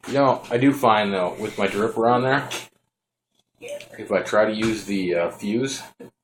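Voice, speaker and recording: Low-voiced man reviewing gear casually. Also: a little slow, noisy background. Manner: relaxed, rambling, talks to the camera while handling the device. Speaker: product reviewer. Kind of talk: casual hands-on product review.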